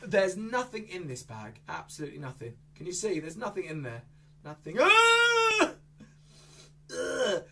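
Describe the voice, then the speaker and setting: A children's entertainer doing playful magic show patter, silly and exaggerated, jumping from loud squeals to hushed asides. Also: mid-range voice, big pitch swings, moderate pace, creaky, a little hiss or hum.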